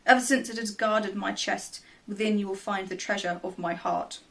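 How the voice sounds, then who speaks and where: Woman reading as a romantic vagabond man, earnest and a bit lower, fairytale storybook feel. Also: steady tone, normal speed, gravelly, distant mic, lightly acted. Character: romantic male vagabond declaring his love.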